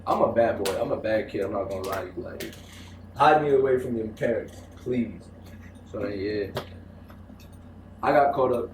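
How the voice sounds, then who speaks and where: A young man telling stories in casual interview chat, animated and full of slang. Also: fairly low pitch, normal speed, long pauses, noisy background. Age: young adult. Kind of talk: casual storytelling. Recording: echoey room, mic from far off.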